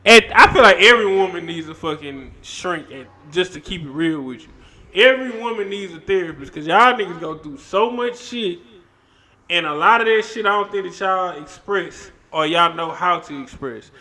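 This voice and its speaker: Podcast host, man, high bright voice, animated and emphatic. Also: normal speed. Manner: animated, emphatic, swearing freely. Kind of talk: casual chat.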